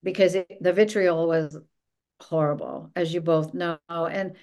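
A woman's voice: fairly low pitch, a little slow, clean tone. A woman, a former film executive, telling a story as a podcast guest and acting out the dialogue she quotes. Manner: lively, acts out quoted dialogue. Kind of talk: casual storytelling interview.

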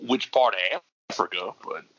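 A man's voice: medium pitch, normal speed, highs cut off, a loud crowd. A man co-hosting a casual wrestling podcast, wry and critical, picking apart details. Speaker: podcast co-host.

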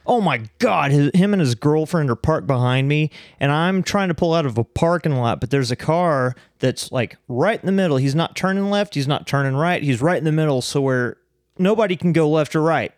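A man's voice: a little high, no echo, clean studio sound. Rambling, self-mocking man telling stories. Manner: rambling storyteller, laughs at himself; acts out angry voices in his stories. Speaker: podcast co-host. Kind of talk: casual chat over beers.

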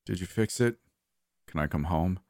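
A man's voice: low-pitched, normal speed, a little mellow, no echo, clean studio sound. A man voicing a timid, anxious young man who stammers and hesitates. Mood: timid, confused.

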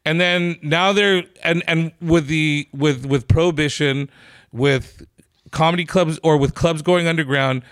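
A man's voice: on the high side, a little slow, clear, resonant tone, dry recording. A man hosting a casual podcast, telling a profane comedy-club story and acting out the quotes. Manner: animated, profane, acts out quotes.

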